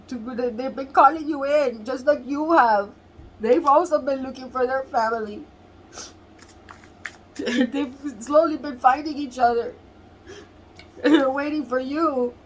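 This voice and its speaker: A woman giving a tarot reading to camera, emotional and earnest, often laughing softly and near tears as she repeats phrases. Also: sits high, measured pace, a little hiss or hum, rough recording. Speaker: tarot reader.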